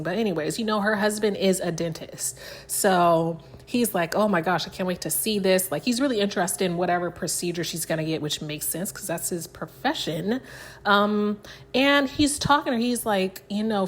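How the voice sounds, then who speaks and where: Chatty woman recapping reality TV. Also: medium pitch. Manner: chatty, animated, gossipy, uses "child" and "girl". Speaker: recap host.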